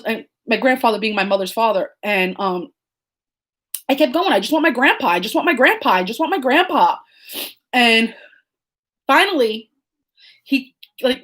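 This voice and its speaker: A crochet and knitting vlogger, a woman in her late thirties with a slightly high voice, tells a story in a casual vlog chat. She rambles and digresses with lots of fillers, her tone soft and reflective.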